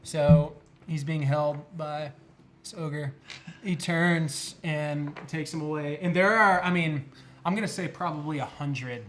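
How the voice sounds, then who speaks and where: Slow, halting young man as game master. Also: on the high side, background noise. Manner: halting, many fillers and restarts. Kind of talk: narrating a tabletop game.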